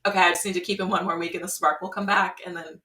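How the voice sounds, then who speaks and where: Racing along in a lowish voice, a woman co-hosts a podcast recapping a reality show, bringing the quotes to life as she chats. She's far from the mic in an echoey room.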